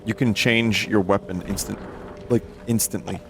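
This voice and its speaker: A man in his thirties with a low-pitched voice, streaming a horror game and riffing with chat. His humor is dry and offhand, and he speaks in relaxed, conversational bursts. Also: normal speed, creaky, over music. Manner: dry, joking, talks to chat. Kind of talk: casual gameplay commentary.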